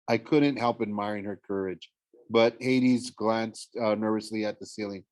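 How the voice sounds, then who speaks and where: A man's voice: lowish voice, steady tone, normal speed, a little mellow, dry recording. Teacher guy reading a chapter aloud, trips over words, dry close sound. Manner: plain reading with frequent slips and self-corrections. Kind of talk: audiobook chapter read-aloud.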